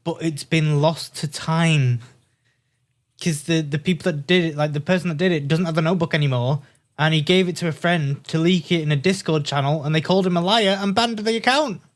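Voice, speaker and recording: A man's voice: fairly high pitch, fairly quick. A man co-hosting a casual gaming podcast, laid-back and plain-spoken. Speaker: podcast co-host.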